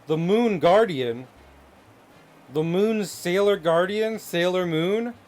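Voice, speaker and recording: A man livestreams as he draws, chatting casually with viewers, joking around and laughing a lot. His voice is high and a little mellow, and he talks slowly over soft background music. He's a live streamer and artist.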